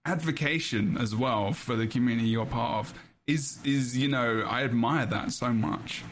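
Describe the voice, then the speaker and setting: Guy hosting a podcast, rambly, keeps restarting, gets kinda emotional, faint noise behind. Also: mid-range voice. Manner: halting, rambling, with many restarts; heartfelt and emotional. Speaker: podcast host. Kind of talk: casual podcast chat.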